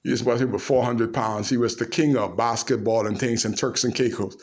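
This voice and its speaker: A man telling animated, laugh-filled anecdotes to the camera in a casual way. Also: mid-range voice, fairly quick. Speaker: storyteller.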